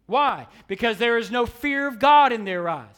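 A man preaching a sermon, emphatic and repetitive, swinging between quiet asides and loud declarations. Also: very high voice, animated, normal speed, clean tone. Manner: emphatic preaching with repetition, surging louder and softer. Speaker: pastor.

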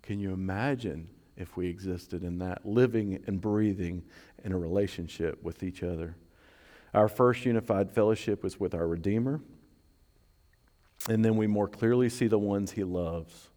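A man preaching a sermon as a pastor, earnest, dropping to a hush and rising to fervent emphasis. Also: deep voice, moderate pace, big-room sound. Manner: earnest, swings from hushed to fervent.

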